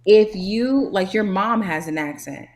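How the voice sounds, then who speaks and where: A woman's voice: mid-range voice, lively intonation, a little slow, darkish tone. A woman co-hosting a podcast, chatting emphatically in casual conversation. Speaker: podcast co-host. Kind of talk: casual chat.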